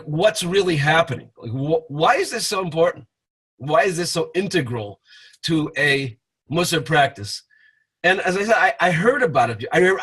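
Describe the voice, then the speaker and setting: Husky man teaching in a webinar. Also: on the high side, a bit bright. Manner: storytelling with acted chanting. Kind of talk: informal teaching talk. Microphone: webinar call mic.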